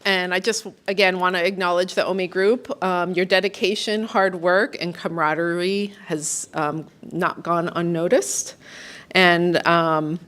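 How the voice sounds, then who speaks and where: A woman's voice: on the low side, fairly even intonation, measured pace, a little hiss or hum. A woman on staff presenting graduates at a ceremony in an upbeat, friendly way. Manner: warm, upbeat, reads out a client's letter. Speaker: staff member presenting clients. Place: ceremony on a campus.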